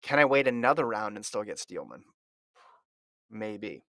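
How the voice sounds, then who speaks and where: A man's voice: fairly low pitch, big pitch swings, measured pace, pushed and bright, no room sound. A man hosting a casual sports chat, running a fantasy draft in a chatty, teasing way and reading out lists of picks.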